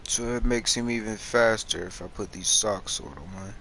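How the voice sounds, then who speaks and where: A man's voice: lowish voice, moderate pace, vocal fry, rough recording. A young man chatting and swearing casually while playing a baseball video game. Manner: profane, animated banter. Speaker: gamer. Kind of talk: casual gaming commentary. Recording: game crowd noise behind.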